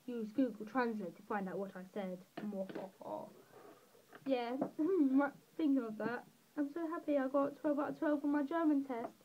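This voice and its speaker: A woman's voice: high voice, normal speed, lo-fi sound, slight background noise. A teenage girl with a southeast English accent, rambling through a colouring tutorial with self-deprecating, giggly asides. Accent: English, southeast England. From England. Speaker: drawing tutorial creator. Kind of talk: casual voice-over while colouring.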